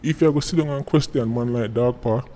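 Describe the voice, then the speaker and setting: A man's voice: mid-range voice, fairly quick, dark tone, faint music behind. A man with a Jamaican accent giving casual, mocking commentary in patois, often tagging his lines with "right?". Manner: mocking, repeating tag words like "right?".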